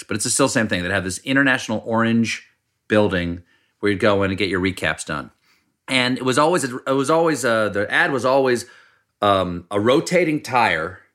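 Middle-aged man, guest, wry animated storyteller, crisp bright tone. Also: lowish voice. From South Carolina, US. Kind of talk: casual conversation, storytelling.

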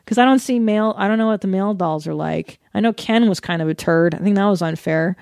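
Animated, profane woman podcast host. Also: medium pitch, quick pace, creaky, no echo, studio quality. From United States. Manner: animated, profane, laughing often. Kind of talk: casual solo podcast rant.

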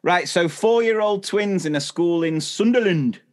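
A man's voice: sits high, unhurried. A British man co-hosting a chatty podcast, reading listener stories aloud and often breaking into laughter. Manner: giggly, laughs often through his reading. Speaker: podcast co-host.

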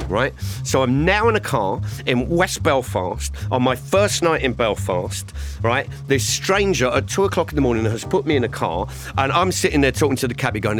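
A man telling a long comic anecdote to a panel, rambling and animated, acting out other people's voices. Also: medium pitch, normal speed, music in the background. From England. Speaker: comedian storyteller.

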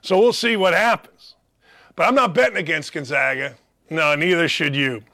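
A man hosting a sports talk show, ranting sarcastically with mocking asides and loud, heated outbursts. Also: fairly high pitch, normal speed. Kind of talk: opinionated sports rant.

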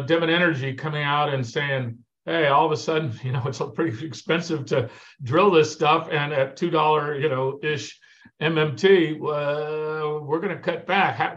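A man's voice: on the high side, fairly bright tone, highs cut off. A man co-hosting a finance show, casual and joking, sometimes laughing as he talks, heard over a video call. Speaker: co-host. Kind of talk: casual chat.

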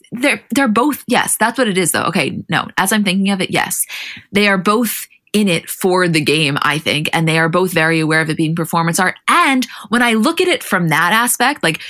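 Female podcast co-host, bright tone, casual animated chat. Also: fairly low pitch. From New Jersey. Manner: animated, chatty, quick asides.

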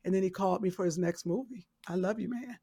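A woman with an average, mid-pitched voice chats as a podcast guest. She talks loosely, restarting her sentences and laughing between thoughts. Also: mellow. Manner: chatty, laughing, halting restarts. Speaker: actress and guest. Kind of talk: casual chat.

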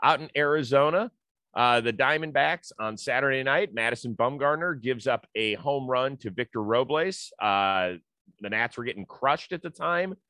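A man's voice: mid-range voice, expressive, moderate pace, pushed and bright, no echo. A middle-aged man hosting a sports talk show, chatting casually and citing stats. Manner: conversational, stat-citing, storytelling.

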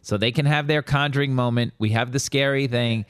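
Man, casual storytelling chat, smooth resonant voice, dry close sound, animated quoting. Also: medium pitch, brisk, no room sound.

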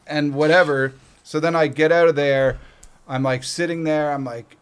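A man's voice: mid-range voice, fairly even intonation, normal speed, clear, resonant tone. A middle-aged man from Canada, a podcast guest telling stories casually, swearing freely and acting out what others said. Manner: swears freely, acts out quoted voices. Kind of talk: casual storytelling.

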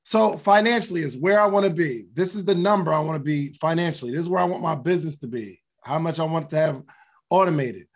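A man talks through motivational ideas in a relaxed, conversational podcast style, circling back to the same questions. His voice sits a little high and carries a gravelly, fry-edged texture. He sometimes chuckles at himself as he goes. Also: fast talker. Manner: conversational, laughs at himself, repeats key questions. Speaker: podcast host. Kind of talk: casual motivational talk.

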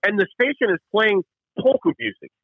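A man co-hosting a casual hockey show, telling stories quickly with lots of stumbles and restarts. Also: high-pitched, vocal fry, slightly rough, no room sound, narrow, tinny audio. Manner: rapid storytelling with frequent restarts. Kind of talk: casual sports chat.

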